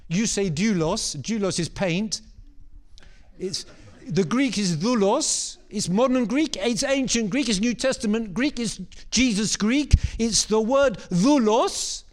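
Male preacher, high voice, unhurried delivery, animated and repetitive. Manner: animated, repeats phrases for emphasis. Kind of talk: sermon.

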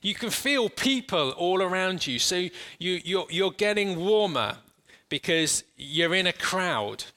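A man preaching a sermon and leading listeners through a guided imagination exercise, earnest and halting, with frequent restarts, slowing and softening for the imagery. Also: high voice, very animated.

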